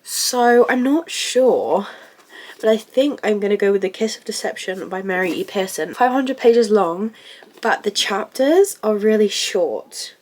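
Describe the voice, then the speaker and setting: A young woman vlogging about her reading, sounding sick and rough-voiced, gushing and emotional as she talks to the camera. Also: medium pitch, a little slow, a little mellow. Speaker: book vlogger. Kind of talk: casual reading vlog.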